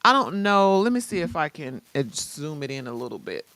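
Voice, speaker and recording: A woman's voice: sits low, brisk, no room sound. Chatty woman hosting a live tutorial. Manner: lively, chatty, addresses viewers directly; casual slang. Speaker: host. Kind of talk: live-streamed software tutorial.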